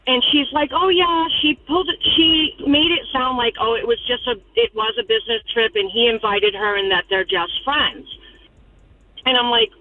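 A woman's voice: a little high, normal speed. Woman caller, blunt and emphatic, phone-line sound. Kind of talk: phone-in storytelling.

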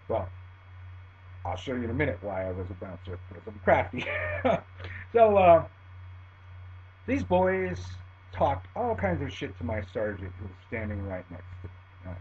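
A middle-aged man telling a profane personal story in an animated way, swinging between loud and muttered lines. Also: medium pitch, breathy edge. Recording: dull lo-fi recording with faint hum.

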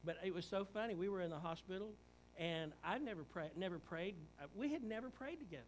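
High-voiced male preacher, emphatic bursts. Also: lively intonation, quick pace, a little hiss or hum, poor audio. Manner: preaching with rising, emphatic bursts and dramatized quotes. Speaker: pastor. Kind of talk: sermon.

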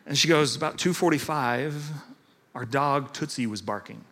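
A man preaching a sermon in a conversational, animated way, acting out the voices of people he quotes. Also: medium pitch, normal speed. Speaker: pastor.

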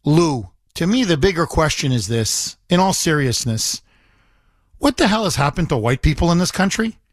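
A man's voice: a little high, big pitch swings, moderate pace, dry recording, clean studio sound. A man hosting a talk radio show, talking emphatically and indignantly and repeating himself for emphasis.

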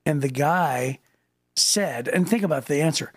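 A man's voice: a little high, moderate pace, slightly rough, no room sound, studio quality. A man co-hosting a podcast, talking casually about the Bible with many fillers and restarts. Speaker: podcast co-host.

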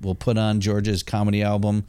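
A man's voice: fairly low pitch, monotone, dark tone, clear, resonant tone, no room sound, clean studio sound. A man co-hosting a podcast, chatting casually in an upbeat, jokey way. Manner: upbeat, jokey, quick to laugh. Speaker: podcast co-host.

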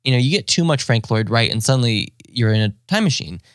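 Man, podcast co-host, casual chat, animated, quotes acted out with gusto, dry close mic. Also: mid-range voice, quick pace, no room sound. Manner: animated, laughing, acting out quotes in exaggerated voices.

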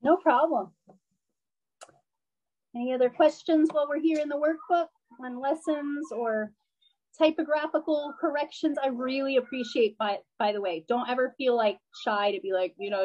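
A woman's voice: on the high side, fairly even intonation, moderate pace, darkish tone, muffled recording. A woman teacher patiently explaining pronunciation in a live online class, using lots of fillers and frequent check-ins with her students. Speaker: language teacher.

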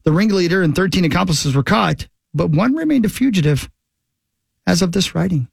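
A man co-hosting a radio show, reading out trivia and tossing off quick quips. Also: high-pitched, expressive, gravelly, husky, no echo, clean studio sound. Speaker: radio co-host. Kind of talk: casual studio banter.

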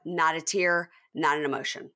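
Animated woman host recapping gossip. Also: normal speed. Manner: animated, acts out cast quotes in high voices. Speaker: podcast host. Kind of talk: casual chat, recapping reality TV.

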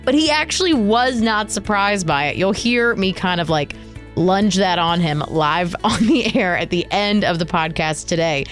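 Animated chatty woman co-host. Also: mid-range voice, normal speed, soft background music. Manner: chatty, animated and self-deprecating. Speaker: radio show co-host. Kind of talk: casual chat.

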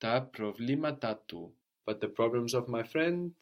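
A man's voice: mid-range voice, animated, moderate pace. A man teaching a language lesson, explaining points patiently and modeling phrases for a student to repeat.

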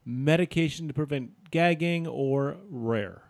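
A man's voice: fairly high pitch, measured pace, vocal fry. A man hosting a casual word game with friends, reading out clues in a teasing, upbeat way. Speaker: game host.

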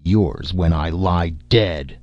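A man's voice: low-pitched, slow, darkish tone, dry recording. A man voicing a surly rival nobleman who speaks coldly and menacingly, in a dull lo-fi recording. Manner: cold, menacing.

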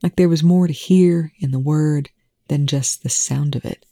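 A reader narrating a fan fiction story aloud in an even, measured manner. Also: mid-range voice, dry recording, clean studio sound. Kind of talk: audiobook-style fan fiction reading.

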